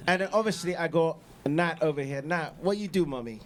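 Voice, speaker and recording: A man hosting a lively talk show and hyping up his guests, shouting playfully and repeating his catchphrase. His voice sits a little high. A crowd of people chatters behind him. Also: a little fast. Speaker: host.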